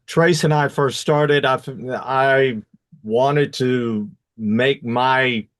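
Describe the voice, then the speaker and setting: A man's voice: mid-range voice, fairly even intonation, a bit bright, no room sound, studio quality. A male guitarist in a casual interview, talking reflectively and correcting himself mid-sentence. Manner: reflective, halting, self-correcting. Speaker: guitarist, band member.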